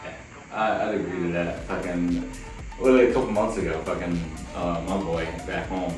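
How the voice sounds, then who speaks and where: Very deep-voiced, rambling man. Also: steady tone, brisk, a little mellow. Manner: laid-back, rambling, profane. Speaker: podcast co-host. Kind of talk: casual podcast storytelling. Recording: echoey room, mic far off, faint music.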